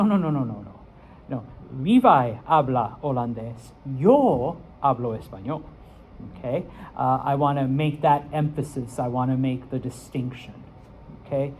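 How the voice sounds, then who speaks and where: A man's voice: a little high, a little mellow, slight background noise, rough recording. A man teaching a Spanish class, checking in with "okay?" after each point. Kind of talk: classroom lesson.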